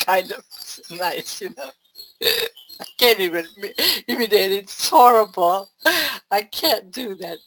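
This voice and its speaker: A woman's voice: medium pitch, a little slow, fairly bright tone, poor audio. A woman coaching a group on a call, blunt and emphatic, laughing often. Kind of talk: casual group coaching talk.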